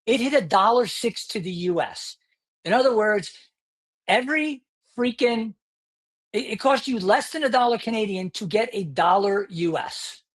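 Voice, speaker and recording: A man's voice: high-pitched, breathy edge. A man hosting his own podcast, delivering an indignant, sarcastic solo rant. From United States. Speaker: podcast host.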